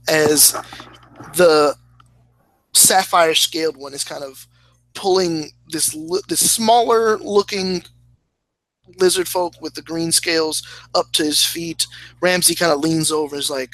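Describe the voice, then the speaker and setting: A man running a tabletop game, narrating in a halting way with plenty of restarts as he thinks aloud. His voice is gravelly and bright, unhurried and slow. The sound is close and dry. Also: on the high side, expressive, dry recording, rough recording. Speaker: game master.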